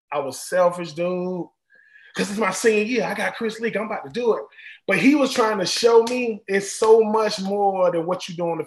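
A man's voice: high voice, reverberant. A man, a former college football player, telling stories casually and animatedly, often repeating and restarting phrases. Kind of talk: casual storytelling.

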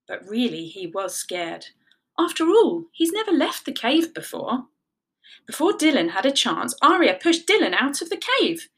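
A woman narrating a children's story, animated and encouraging, leading the listeners in counting. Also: a little high, normal speed, husky.

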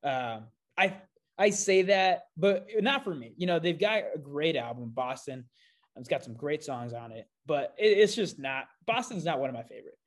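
A man hosting a podcast, telling a self-deprecating story in a casual, animated way with frequent fillers. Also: a little high, normal speed. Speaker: podcast host.

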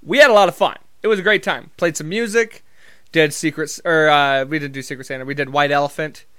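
A man's voice: fairly high pitch, quick pace, fairly bright tone, clear, resonant tone, no echo, clean studio sound. A man vlogging in a casual comedic monologue, telling rambling, profane, jokey stories.

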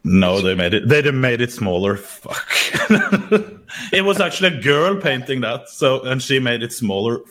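A man's voice: mid-range voice, very animated, measured pace, fairly bright tone. A man in casual chat among streamers, enthusiastic, laughing and explaining himself. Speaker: streamer guest.

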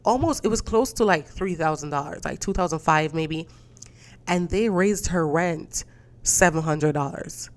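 A young woman with a deep, low-set voice hosts her own podcast, chatting casually. She sounds stuffy from a cold and tells stories in an animated way, acting out the dialogue and swearing freely. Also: measured pace. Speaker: podcast host. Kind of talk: casual solo podcast chat.

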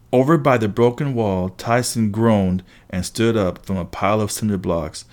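A man reading an audiobook aloud with steady, brisk storytelling. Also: on the low side. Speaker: audiobook narrator. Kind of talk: scripted audiobook narration.

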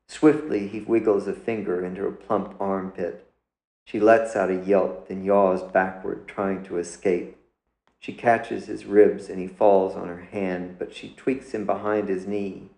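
Deep, gravelly man reading his story. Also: a little mellow, roomy sound, low-quality recording. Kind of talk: literary reading. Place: indoors.

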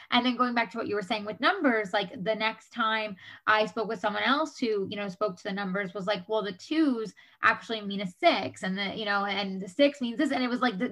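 A woman in her thirties tells a personal story in a relaxed, chatty way. Her voice sits in a middle pitch, and her telling turns animated and full of fillers as she goes. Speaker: guest.

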